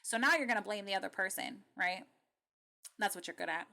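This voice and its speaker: A woman's voice: mid-range voice, a little fast, creaky, bright, forceful tone. A young adult woman hosting call-out commentary, blunt and sarcastic, swearing as she reacts to clips.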